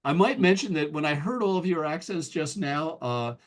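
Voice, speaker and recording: An American man with a somewhat high voice giving a relaxed club presentation. He talks in a loose, self-deprecating way and often stops to restart his sentences. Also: moderate pace. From United States. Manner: casual, chatty and self-deprecating, with many ums and restarts. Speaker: guest speaker.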